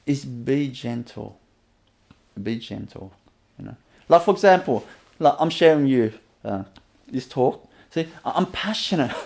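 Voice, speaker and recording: A man giving a spiritual teacher's webinar talk, gently, chuckling often and repeating his phrases. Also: on the high side.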